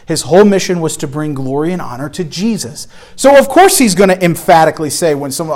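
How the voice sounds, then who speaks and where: A man's voice: on the high side, animated, brisk, a little mellow. A man teaching a Bible study lesson from slides, talking in a conversational, emphatic way and often restarting his phrases.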